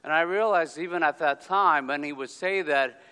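A man giving a personal storytelling talk, speaking in deliberate, drawn-out phrases with pauses and checking in with "okay?". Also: fairly high pitch, bright, forceful tone, clear, resonant tone. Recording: long hall reverb.

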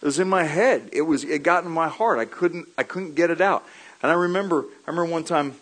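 A man preaching a sermon, telling animated stories, laughing briefly and repeating his key lines. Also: a little high, fairly quick, poor audio.

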